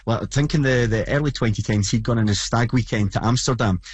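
A man's voice: mid-range voice, quick pace, husky, dry recording. A man from Glasgow with a Glaswegian Scottish accent, chatting enthusiastically in a remote interview and restarting his phrases often. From Scotland. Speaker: podcast host interviewed as guest.

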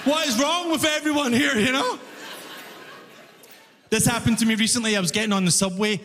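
Guy with a high voice doing stand-up live, yells the punchlines, bit of reverb and faint room hum. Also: brisk. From immigrant to Canada. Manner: animated, shouts punchlines and acts out exchanges. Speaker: stand-up comedian. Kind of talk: stand-up comedy storytelling. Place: comedy club stage before a live audience.

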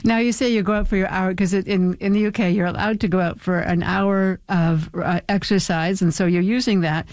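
Radio interviewer, mid-pitched, amused, dry studio sound. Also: fairly even intonation, brisk, darkish tone, no echo.

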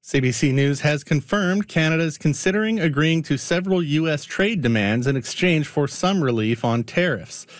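A man reading a radio news bulletin in a steady, formal way at a studio microphone. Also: fairly high pitch, moderate pace, few pauses, no echo. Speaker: newsreader.

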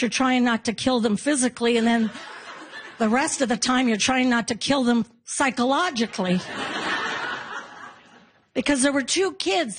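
A woman in her fifties performing a stand-up comedy set, telling animated stories and acting out quotes. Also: high-pitched, a little hiss or hum. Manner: animated storytelling with acted-out quotes.

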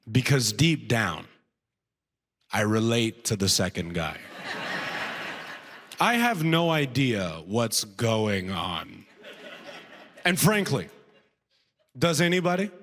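A man telling a stand-up comedy story, animated and chuckling at his own jokes. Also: slow pace, long pauses. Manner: animated, swings from high to low for punchlines.

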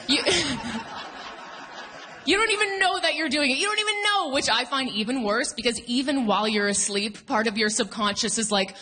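A woman in her thirties performing a stand-up comedy set, animated and laughing at her own jokes as she acts out other people. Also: sits high, a little fast, background noise. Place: comedy stage before a live audience.

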